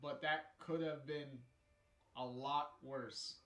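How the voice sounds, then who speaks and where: Unhurried, swearing man in an echoey room. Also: mid-range voice, steady tone, fairly bright tone. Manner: swears freely, laughs easily. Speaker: streamer reading a comic aloud. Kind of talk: casual live read-along commentary.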